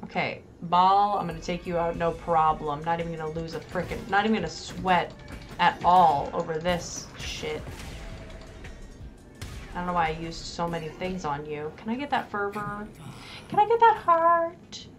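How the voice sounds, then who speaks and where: Excitable woman streaming a game. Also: lowish voice, moderate pace, faint music behind. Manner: excitable, frequent exclamations and mild swearing. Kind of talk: live gameplay commentary.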